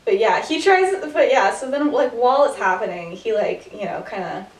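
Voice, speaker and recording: A woman co-hosting a podcast retells a story at normal speed in a slightly high, animated voice. It's a casual, rambling chat heavy on "like" fillers and laughter, picked up by a distant mic in an echoey room.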